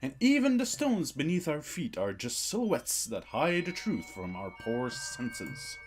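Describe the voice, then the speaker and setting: A man voicing a mysterious male figure who speaks slowly and solemnly about a veil of mists in a game. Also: on the high side, sing-song, over music.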